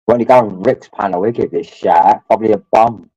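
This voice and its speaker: A man's voice: fairly low pitch, steady tone, fairly quick, mellow, breathy edge, no echo. A man, talking rambling and crude to his livestream chat while drinking, swearing often and calling viewers his lads. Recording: dull lo-fi stream audio.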